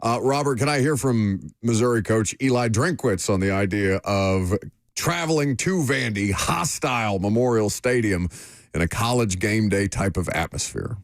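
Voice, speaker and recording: A man hosting a sports radio show, chatting energetically and pitching a call-in contest. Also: moderate pace, dry recording, studio quality. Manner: energetic, jokey, reads phone number. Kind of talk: casual sports talk.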